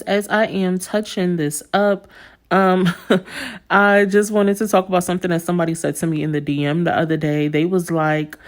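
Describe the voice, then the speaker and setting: A young woman from New York talks casually to her viewers while working on nail art. Her New York accent carries a slight Southern twang, and her voice sits a bit low for a woman. She laughs often and keeps calling her audience y'all. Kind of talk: casual chat while doing nails.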